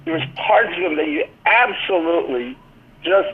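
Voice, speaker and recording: A man's voice: sits high, sing-song, normal speed, breathy edge. An older man, a guest in a casual interview, telling rambling anecdotes full of "you know". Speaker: interview guest, former team athletic trainer and author. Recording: tinny phone-line call.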